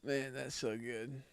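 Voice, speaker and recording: A man's voice: medium pitch, vocal fry, a little mellow. A young man streaming live, chatting casually, laughing a lot, swearing freely and ranting in fun.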